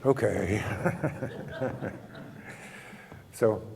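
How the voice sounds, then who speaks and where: A man giving a spiritual talk, telling stories in a gentle, humorous way and chuckling often. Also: on the low side, drawn-out words, creaky. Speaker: spiritual teacher. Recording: long hall reverb.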